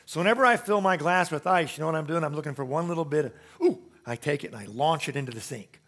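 A man's voice: fairly high pitch, lively intonation, quick pace, fairly bright tone. A man preaching a sermon to a congregation in a church, emphatic and conversational, asking rhetorical questions. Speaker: pastor.

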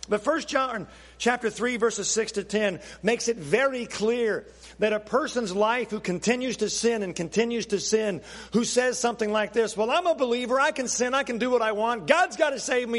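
A man preaching a sermon as pastor, animated and asking his listeners questions. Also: high-pitched, in a large hall. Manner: animated, questioning the audience, acts out quotes.

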